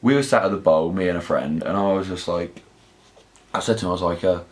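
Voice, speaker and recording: Young man, deep voice, swearing, rambling storytelling, casual vlog. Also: fast. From southern England. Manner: crude, sweary, rambling comic monologue. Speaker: vlog host.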